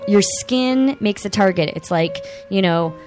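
A woman in her thirties hosting a casual chat show, rambling and excitable with lots of fillers. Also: mid-range voice, measured pace, faint music behind. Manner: excitable, animated outbursts. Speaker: podcast host.

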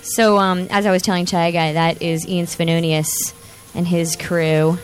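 A woman's voice: lowish voice, a little slow. Chatty rambling woman host. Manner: chatty, rambling, lots of fillers; excitable, animated outbursts. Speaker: podcast host. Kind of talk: casual chat.

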